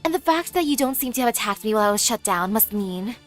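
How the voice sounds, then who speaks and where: A haughty would-be ruler of the planet from a game, as a woman reads her part, high-pitched and grandly pompous. The delivery stays close to the reader's own voice, with faint music under it. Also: lively intonation, fast, lightly acted. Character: haughty self-styled alien ruler, young woman. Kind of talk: reading game dialogue aloud.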